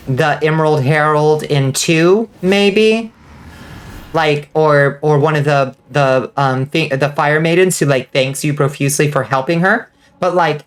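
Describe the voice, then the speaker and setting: A woman streaming a game live, chatting casually and rambling with lots of fillers, now and then breaking into excited outbursts. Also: sits low. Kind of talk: casual livestream chat while gaming.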